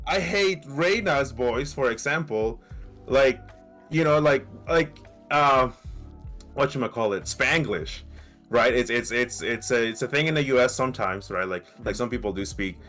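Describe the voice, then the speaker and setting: A man's voice: mid-range voice, a little slow, fairly bright tone, faint music behind. A man from Mexico talking on a casual podcast panel, with many fillers and restarts. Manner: grows heated and emphatic. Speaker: podcast co-host.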